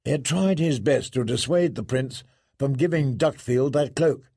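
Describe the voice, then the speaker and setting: A man narrating a fantasy audiobook in a measured, even storytelling manner. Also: medium pitch, gravelly, breathy edge, no room sound, studio quality.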